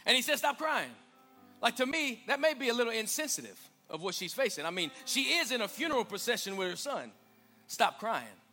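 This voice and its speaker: Male pastor, sermon, very high voice, forceful, rhetorical questions, soft music underneath. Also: big pitch swings, fast talker, few pauses. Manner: preaching with rhetorical questions and emphatic repetition. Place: church.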